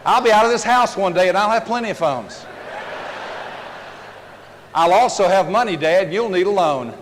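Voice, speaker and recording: A man's voice: high voice, animated, moderate pace, slight background noise. A man voicing a defiant, strong-willed teenage girl who talks back to her father in a cocky way. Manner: brash, cocky.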